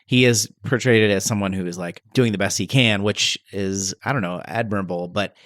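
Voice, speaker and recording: A man's voice: fairly low pitch, normal speed, fairly bright tone, no room sound. Laughing man on a dry podcast mic. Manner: laughs often, teasing, playful. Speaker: podcast co-host. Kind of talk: casual chat about movies.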